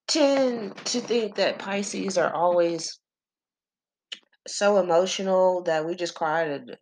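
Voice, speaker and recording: A woman's voice: on the low side, slight background noise. A young woman hosting a podcast, rambling through casual astrology talk with lots of fillers and swearing. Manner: rambling, profane, many fillers. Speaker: podcast host.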